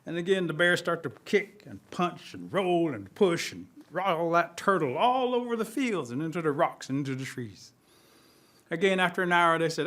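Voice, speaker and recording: A man telling a traditional animal tale in a lively, expressive studio storytelling style. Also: a little high, moderate pace.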